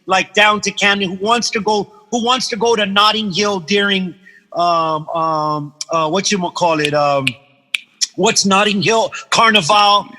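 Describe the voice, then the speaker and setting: A man from Guam, a podcast guest, telling animated stories in casual chat, swearing freely and acting out the voices of people he quotes. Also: high voice, unhurried, big-room sound, rough recording.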